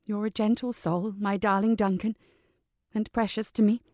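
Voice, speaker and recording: A woman voicing a composed older mother confessing calmly to her family, her tone even and dignified. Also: medium pitch, moderate pace, no room sound, lightly acted. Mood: tender. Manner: even, controlled, softly dignified.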